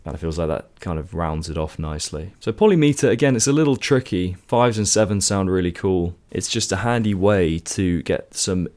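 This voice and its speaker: A man with a very low voice teaches songwriting in a relaxed, step-by-step way. He often counts beats aloud to show rhythms. Faint guitar music plays softly behind him. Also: a little fast, few pauses. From United Kingdom.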